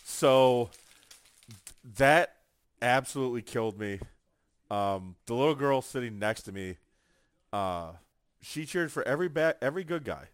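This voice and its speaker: Animated man telling live-show stories. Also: mid-range voice, a little slow, pauses often, dry recording. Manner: animated storyteller, acts out quotes. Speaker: podcast co-host. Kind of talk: casual chat.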